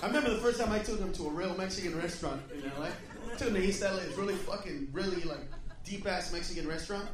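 High-voiced, foul-mouthed stand-up comedian. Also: male voice, quick pace, a crowd in the background. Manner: profane, brash, acts out characters. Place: comedy club stage. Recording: echoey club, distant mic, roaring audience.

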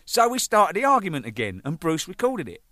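A man's voice: sits high, a little fast, no echo, studio quality. A man, a band's drummer, telling casual anecdotes with lots of swearing and laughter. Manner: animated, swearing, laughing, acting out exchanges. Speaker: band's drummer recalling its singles.

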